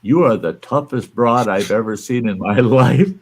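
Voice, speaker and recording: A man voicing a tough old-school biker who talks bluntly and loudly. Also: mid-range voice, normal speed, slightly rough, close to an everyday voice. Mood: blunt admiring. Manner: loud, blunt, admiring.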